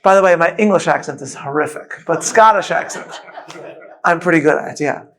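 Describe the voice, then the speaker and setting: Middle-aged rabbi guy cracking jokes onstage, slightly high gravelly voice. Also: moderate pace, a bit bright. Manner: witty, joking storyteller. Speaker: rabbi, guest. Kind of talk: live onstage conversation. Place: event hall with audience.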